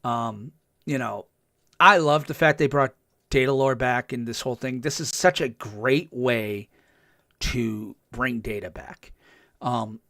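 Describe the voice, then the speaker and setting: A man hosting a podcast, recapping a TV episode in a casual, excited way, full of ums and restarts and acting out the characters' lines. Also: medium pitch, dry recording, studio quality. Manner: chatty, with frequent ums and restarts. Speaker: podcast host.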